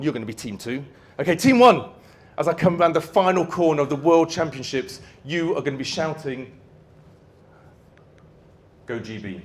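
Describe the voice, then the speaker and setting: A middle-aged man, giving a live conference talk and leading the audience in playful chants. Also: medium pitch. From Yorkshire, England. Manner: energetic, playful crowd-warming with shouted chants. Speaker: motivational speaker.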